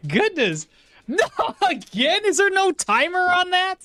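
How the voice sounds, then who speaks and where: Fields: Role: game streamer. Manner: lively, chatty. Pitch range: wide. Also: slow, pauses often, no room sound. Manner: animated, chatty, talks to chat and coos at a pet. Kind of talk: casual live-stream chat while playing.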